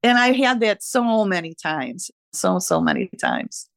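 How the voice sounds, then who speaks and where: A retired woman teacher in her sixties, reflecting warmly and emotionally in a conversational interview. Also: mid-range voice, huge pitch swings, unhurried, dry recording, studio quality. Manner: warm, emotional, laughs easily. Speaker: retired teacher, podcast guest.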